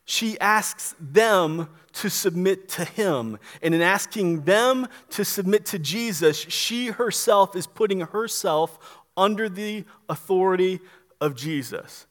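A pastor with a notably high voice preaches in earnest. He leans into his points and often trips into quick restarts, doubling words as he pushes ahead. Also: a bit bright. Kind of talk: sermon.

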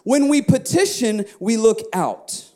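Pastor guy preaching, high voice, mellow tone, gets loud and animated on the praise parts. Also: measured pace. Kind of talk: sermon.

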